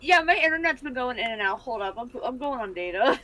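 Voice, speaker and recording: High lively woman on a game stream, casual, faint hiss behind. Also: fast talker, poor audio. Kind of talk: casual chat and reading game dialogue.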